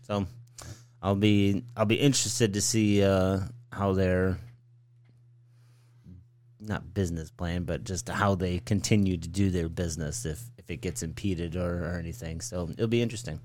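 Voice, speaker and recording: A man's voice: low voice, steady tone, moderate pace, darkish tone, no room sound. A man co-hosting a podcast in casual chat, telling stories in a laid-back way. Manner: laid-back storytelling, says like and right on. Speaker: podcast co-host.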